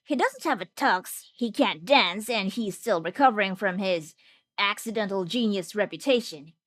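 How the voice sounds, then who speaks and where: A woman's voice: mid-range voice, expressive, normal speed, a bit bright, dry recording. A woman narrating a scripted anime recap with jokey, wisecracking asides.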